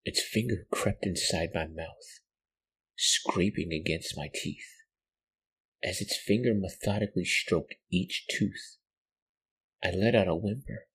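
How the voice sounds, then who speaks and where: A man narrating a horror story in a slow, hushed, dramatic way. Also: deep voice, slightly rough. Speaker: podcast narrator.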